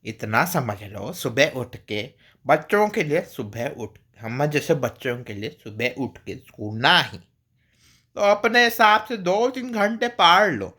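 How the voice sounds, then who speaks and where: A man doing a rustic, chatty character with a heavy Bhojpuri accent, talking in a rapid, animated rush. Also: husky, heavily acted. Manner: rapid, animated, high-energy gabbing.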